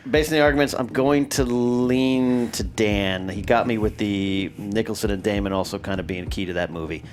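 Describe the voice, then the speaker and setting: A man voting and keeping score on a debate panel, weighing his choice in a relaxed, hesitant way. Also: fairly low pitch, moderate pace, a little hiss or hum. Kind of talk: casual chat.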